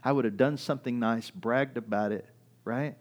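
A man's voice: medium pitch, moderate pace. A man preaching a sermon as pastor, impassioned, often asking rhetorical questions and repeating words as he builds his point.

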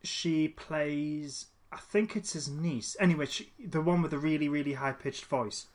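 A man's voice: a little high, a little slow. A man chatting casually as a podcast co-host, rambling with many restarts and fillers. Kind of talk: casual chat.

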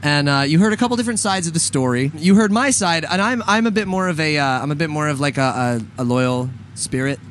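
A man's voice: fairly high pitch, expressive, fast talker, few pauses, fairly bright tone, a little hiss or hum. A man co-hosting a casual talk show, rambling with lots of fillers and restarts and laughing often. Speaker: podcast co-host. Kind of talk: casual chat with banter.

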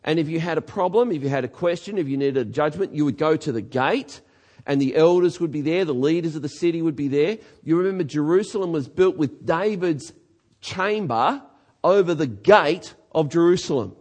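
This is a pastor delivering a sermon in a high-pitched voice. He is emphatic and swings between quiet, low remarks and shouted declarations. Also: moderate pace.

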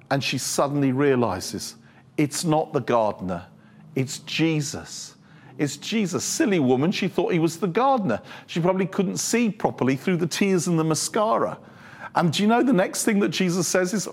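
A male preacher giving a humorous, animated sermon full of storytelling. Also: fairly high pitch, moderate pace.

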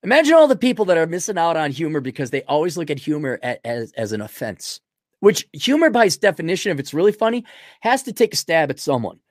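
A man hosting a podcast, reading out donor messages and answering them in blunt, crude, rambling talk that swings from loud outbursts to low muttering. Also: big pitch swings, fast talker, dry recording, studio quality. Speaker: podcast host. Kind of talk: livestream donation reading.

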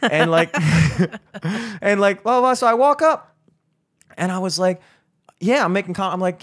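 A man's voice: sits high, normal speed, pauses often. A young man, telling a rambling, profane story in casual podcast chat and acting out the people in it. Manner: rambling, profane, animated, acts out voices.

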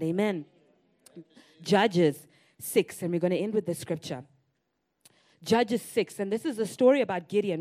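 A woman in her thirties preaching a sermon, telling stories in an animated way and rising to loud, emphatic declarations. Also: mid-range voice.

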